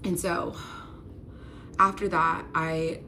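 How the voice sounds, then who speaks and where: A young vlogger tells a personal story of betrayal in a low, bright, forceful voice that moves slowly and barely changes pitch. She's candid and emotional, near tears, full of "like" fillers, and turns pleading as she recalls the argument. There's slight background noise.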